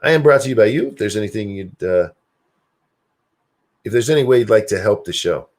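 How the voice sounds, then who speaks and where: With a lowish voice, lively intonation, and a slightly fast pace, an American grandfather hosts a live stream solo. He chats casually, reads viewer messages aloud, and swears freely as he goes off on tangents.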